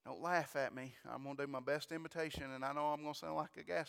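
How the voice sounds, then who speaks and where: A man preaching a storytelling sermon, animated, stumbling over repeated words and breaking into praise. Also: a little high, fast, creaky, clean tone, in a large hall.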